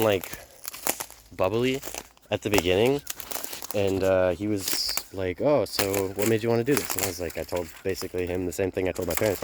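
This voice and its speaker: A young man tells a personal story in a loose, rambling vlog style, swearing casually and leaning on fillers. His voice sits a little low. A faint hiss runs under the recording. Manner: rambling, laid-back, lots of fillers and swearing. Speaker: vlogger.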